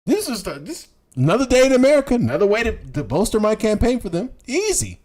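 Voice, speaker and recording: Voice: mid-range voice, sing-song, quick pace, a little mellow. A political commentator doing livestream commentary on clips, talking heatedly in casual slang, repeating rhetorical questions and swearing.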